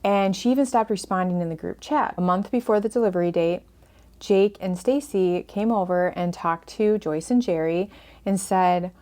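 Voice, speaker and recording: A woman's voice: fairly low pitch, normal speed, a little mellow. A woman hosting a podcast on family estrangement, talking with listeners in an earnest, empathetic way and walking them through a case story as a counselor.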